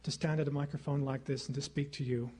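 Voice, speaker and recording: A middle-aged man giving a formal public lecture at a podium microphone in a lecture hall, speaking in a measured, rhetorical way and repeating phrases for effect. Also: medium pitch, level tone, dark tone, slightly rough. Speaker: guest lecturer.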